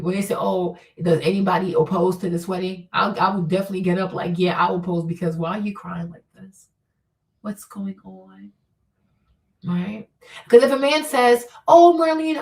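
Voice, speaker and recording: A woman hosting a livestream, giving blunt, profane, animated commentary on relationships. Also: fairly high pitch, recorded from a distance, rough recording. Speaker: livestream host.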